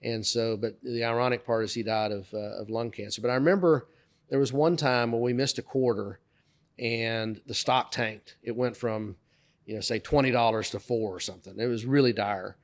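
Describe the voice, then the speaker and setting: A middle-aged man of middle pitch, co-hosting a podcast and spinning stories from his working life. He talks casually, with fillers, and jumps higher and louder when he plays the bosses he quotes. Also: normal speed. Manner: lively anecdotes, raising his voice to act out quoted bosses. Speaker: podcast co-host. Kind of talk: casual storytelling chat.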